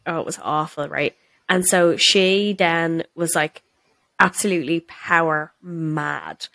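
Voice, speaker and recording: A young woman with a Dublin accent, a podcast co-host telling a workplace story in casual chat, sweary and quick to laugh. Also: deep voice, vocal fry, fairly bright tone, no room sound.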